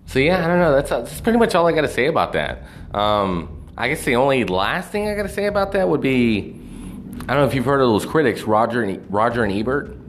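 A man's voice: mid-range voice, sing-song, a little fast, a little hiss or hum. A man ranting casually about movies, profane and rambling, with lots of fillers and restarts. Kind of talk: casual movie review rant.

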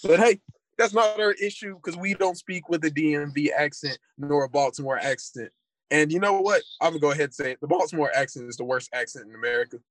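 A man's voice: on the high side, fast talker, fairly bright tone, no echo. A man hosting a podcast, joking and teasing his co-hosts in casual banter. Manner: joking, teasing, talks up segments. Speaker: podcast host.

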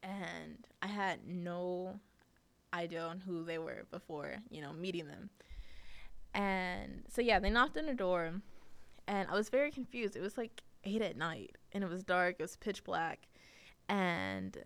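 A woman's voice: lowish voice, lively intonation, a little slow, a bit bright, no room sound. A young woman hosting a podcast, telling a personal story in a casual, chatty way with lots of fillers. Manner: chatty, many fillers, laughs often. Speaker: podcast host.

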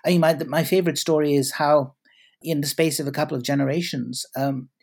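A man's voice: a little high, steady tone, a little fast, gravelly, a little mellow. A man answering interview questions at length, articulate and elaborate, often restarting his sentences. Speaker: guest commentator.

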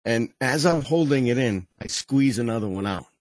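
A man's voice: mid-range voice, lively intonation, normal speed, no echo, rough recording. A man spins a rambling comic story as a podcast host. His voice sits in a mid range, and he often breaks into chuckles and trips over his sentences. The recording is dry and close, with no room sound. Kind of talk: casual comedic storytelling.

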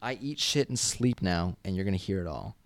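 A man's voice: low voice, expressive, fairly quick, dry recording. A young man hosting a podcast alone, rambling casually with lots of swearing and self-mocking asides. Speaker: podcast host. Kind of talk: casual solo podcast chat.

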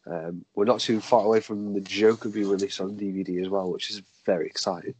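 A man's voice: lowish voice, fairly even intonation, a little fast, a little mellow, slightly rough, rough recording. A man chatting casually as a podcast co-host, hesitant, with many fillers and restarts. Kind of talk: casual chat.

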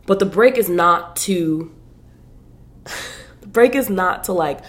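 Woman podcast host, slightly low voice, loose and chatty, slangy casual delivery. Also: expressive, takes it slowly, long pauses. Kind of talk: casual chat about books.

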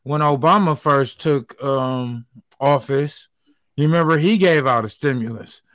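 A man's voice: medium pitch, a little slow, a bit bright, no room sound. A man in a casual group discussion, explaining his point at length and building his argument step by step.

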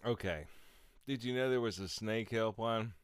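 A man's voice: fairly low pitch, moderate pace, smooth, dry recording, studio quality. A man hosting a podcast who reads news headlines and cracks sarcastic jokes about them. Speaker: podcast host. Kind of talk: comedic news reading.

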